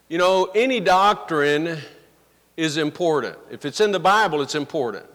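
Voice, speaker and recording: Earnest preacher in a reverberant church. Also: male voice, fairly high pitch, animated, fairly bright tone. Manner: earnest, emphatic preaching with slow scripture reading. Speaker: pastor. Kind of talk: sermon. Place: church sanctuary. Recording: long reverb of a large hall.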